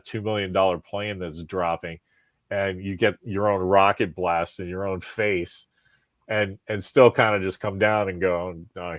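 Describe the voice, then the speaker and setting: A man hosting a podcast, talking in a rambling, profane, animated way with lots of restarts. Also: sits low, dry recording. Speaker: podcast host. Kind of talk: casual chat.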